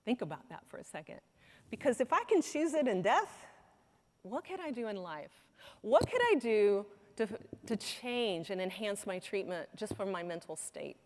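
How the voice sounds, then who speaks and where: A woman's voice: medium pitch, sing-song, normal speed. A woman giving a conference talk, telling a story in an earnest way and acting out the quoted dialogue. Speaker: conference speaker. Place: conference hall. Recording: hall reverb.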